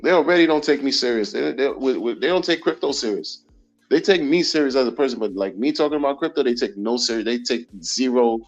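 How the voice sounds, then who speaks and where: Casual male streamer, slangy and animated, mid-pitched, lo-fi sound. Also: fast talker. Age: adult. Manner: animated, slangy, repeats phrases. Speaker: crypto livestream host. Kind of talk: casual livestream chat. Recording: dull lo-fi audio with faint music.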